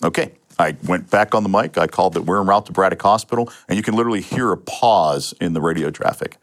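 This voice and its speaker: A man's voice: low-pitched, fast. A middle-aged man from Pennsylvania, a retired police sergeant and interview guest, telling his own story in a matter-of-fact way with frequent restarts and fillers.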